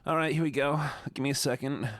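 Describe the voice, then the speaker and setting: A man streaming a game, commenting in an excitable, goofy, joking way. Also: mid-range voice, fast, dry recording, clean studio sound. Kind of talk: gaming livestream commentary.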